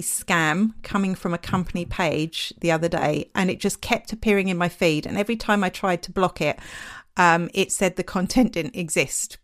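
A woman with an Essex accent co-hosting a podcast, chatting casually with frequent laughs and ranty asides. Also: mid-range voice. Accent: Essex English. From England. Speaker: podcast co-host.

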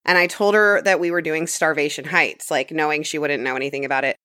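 A woman's voice: low voice, steady tone, fast, pushed and bright, dry recording, clean studio sound. A woman hosting a podcast, chatting casually and laughing often. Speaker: podcast host. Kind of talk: casual chat.

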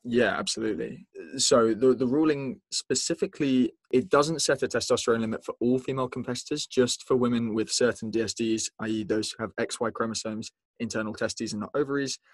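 A man from South Africa co-hosting a podcast, talking in a measured way and reading out facts carefully. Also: mid-range voice, dry recording. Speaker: podcast co-host. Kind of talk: casual discussion.

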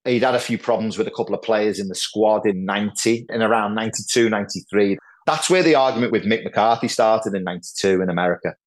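A middle-aged man, telling lively football anecdotes as a podcast guest, peppered with "like" and "right". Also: fairly low pitch, quick pace. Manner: animated anecdotes, lots of "like" and "right". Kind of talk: casual storytelling chat.

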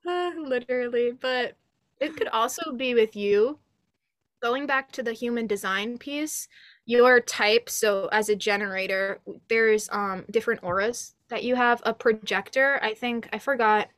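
A woman's voice: on the high side, measured pace, dry recording, clean studio sound. A woman guest on a podcast, who reads tarot, talking casually and earnestly with lots of fillers. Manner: relaxed, earnest, with many fillers like "you know". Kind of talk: casual chat.

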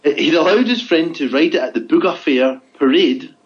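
A man with a slightly raised pitch, recounting strange news in casual podcast chat. He teases his co-host dryly and keeps tossing in tag questions. The recording is somewhat muffled and lo-fi. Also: normal speed. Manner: dry, teasing, checks in with frequent tag questions. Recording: dull lo-fi audio.

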